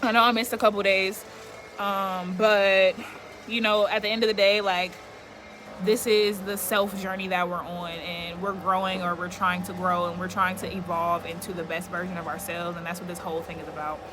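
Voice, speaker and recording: Soft background music plays as a young woman vlogger talks to the camera outside, with yard work nearby, rambling reflectively and leaning on filler words. Her voice is on the low side and fairly bright, with a level tone at a moderate pace.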